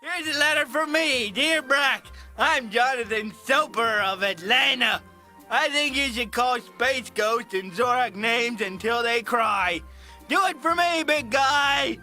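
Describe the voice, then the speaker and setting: An actor playing a dim, childish young male alien pirate in a TV cartoon, talking in a goofy, loud way. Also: extremely high pitch, slow pace, soft background music, heavily acted. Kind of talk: TV cartoon voice acting.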